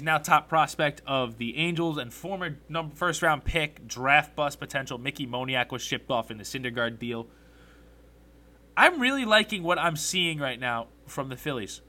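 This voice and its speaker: A young man hosting a solo sports podcast, ranting with strong opinions, getting excited and correcting himself as he goes. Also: a little high.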